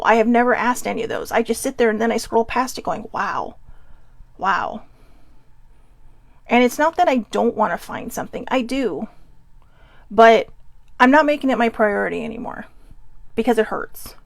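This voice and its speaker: Candid, swearing woman with a gravelly voice. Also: fairly high pitch, expressive, a little fast, dry recording. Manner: candid and rambling, swears freely. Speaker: oracle card reader and host. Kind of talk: casual live card-reading chat. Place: lives in Southern California.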